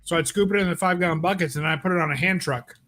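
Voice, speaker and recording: A man's voice: high voice, rapid-fire, sharp tone, a little hiss or hum. A man sharing easygoing, rambling anecdotes in a casual podcast chat.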